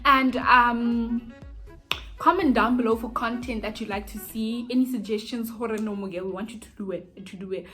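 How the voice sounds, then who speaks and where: A young South African woman telling a storytime vlog in an animated, chatty, self-mocking way. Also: fairly high pitch, moderate pace, faint music behind. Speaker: YouTuber.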